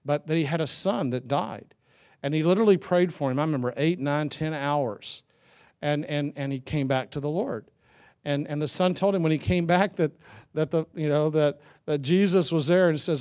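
Male pastor, middle-aged, slightly high voice, chatty storytelling sermon, chuckles, restarts. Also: normal speed, darkish tone.

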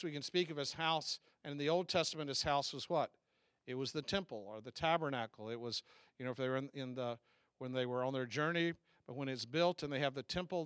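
A man's voice: fairly high pitch, a bit bright, clear, resonant tone, no echo, studio quality. A man from the South, preaching a sermon in a conversational way, asking the congregation questions and restarting his sentences. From American South. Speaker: pastor.

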